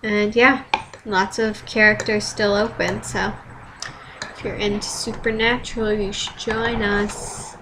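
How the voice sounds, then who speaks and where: A teenage girl chats loosely to her webcam, working through a list of fan dares with offhand swearing and a self-mocking tone. Her voice sits at an ordinary middle pitch. A steady layer of noise runs under the home recording. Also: a little slow. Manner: rambling, self-deprecating, swears casually. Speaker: vlogger. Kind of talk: casual vlog answering fan dares.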